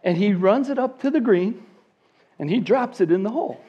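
A man's voice: sits high, lively intonation, moderate pace, slightly rough, highs cut off. A man in his fifties telling a long story in a sermon and acting out the people in it.

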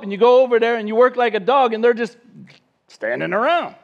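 High-voiced animated preacher man. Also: fast, lo-fi sound. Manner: animated, acts out the disciples' voices. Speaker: pastor. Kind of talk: sermon.

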